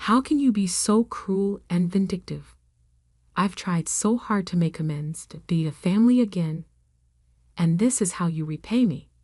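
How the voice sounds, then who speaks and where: A woman's voice: lowish voice, normal speed, darkish tone, dry recording, studio quality, natural voice. A woman voicing a dramatic, tearful middle-aged mother. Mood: tearful outrage. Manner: dramatic, accusing.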